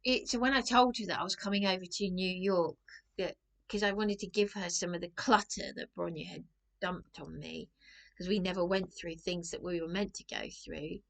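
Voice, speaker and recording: Middle-aged woman vlogging, gravelly fry, keeps tripping over her words. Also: fairly low pitch, steady tone, normal speed, fairly bright tone. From England. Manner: anxious, rambling, self-interrupting. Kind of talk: casual storytelling to camera.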